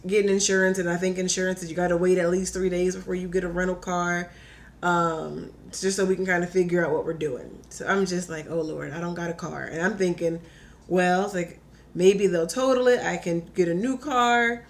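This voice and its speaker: A young woman tells a story in easy, casual talk. Her voice sits a little low for a woman. She keeps it lively and fills it with "like", slipping into the voices of her own quotes. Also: moderate pace. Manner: animated, says "like" a lot, acts out her own quotes. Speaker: podcast guest.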